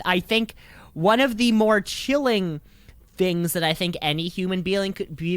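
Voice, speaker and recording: Smooth-voiced joking male podcast host. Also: on the high side, fairly bright tone, no room sound. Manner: crude, joking, rambling with restarts. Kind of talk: casual comedic chat.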